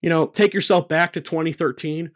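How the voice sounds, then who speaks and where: A man hosting his own channel, talking in a playful, jokey, animated way as a game designer. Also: a little high, a little fast, a little hiss or hum. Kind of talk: comedic casual vlog.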